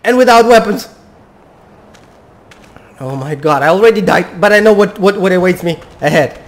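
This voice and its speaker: A man's voice: sits high, moderate pace. A young man playing a horror game, talking to himself and his viewers, jumpy and swearing. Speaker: gamer.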